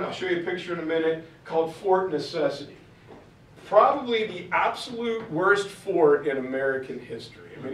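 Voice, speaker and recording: Animated male lecturer in an echoey room. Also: a little high. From western Pennsylvania. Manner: animated storytelling, quick asides, voices historical figures in casual slang. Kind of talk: casual history lecture. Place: room with audience. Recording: echoey room, mic at a distance.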